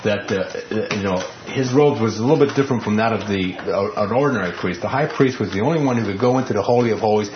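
A man's voice: lowish voice, quick pace, hardly any pauses, muffled recording, a little hiss or hum. A man teaching through a Bible passage verse by verse, in a conversational way that keeps checking in with his listeners. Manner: conversational, checks in with frequent "okay?".

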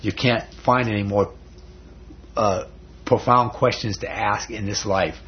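A man's voice: lowish voice, steady tone, unhurried. A man teaching a Bible study in a conversational, folksy way, often restarting words. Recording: dull lo-fi recording.

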